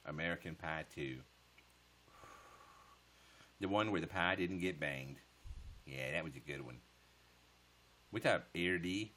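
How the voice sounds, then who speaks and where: A man's voice: low voice, a little slow, long pauses, fairly bright tone. A man chatting casually on a livestream, answering viewer comments with profane smart-aleck jokes.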